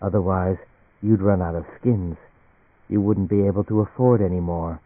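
Man, audiobook narration, measured even delivery, lowish voice, tinny phone-like audio. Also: dry recording. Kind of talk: scripted narration.

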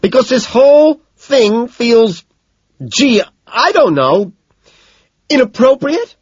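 A man putting on a shrill furious young woman. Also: very animated, slow pace, slightly rough, no echo, dull audio, exaggerated voice. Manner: hissing, screaming.

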